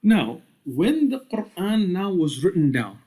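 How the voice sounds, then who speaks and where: A man's voice: sits high, big pitch swings, unhurried, mellow, slightly rough. A man giving a lecture on Islamic studies, explaining step by step, often asking "right?" and using fillers. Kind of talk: lecture with slides.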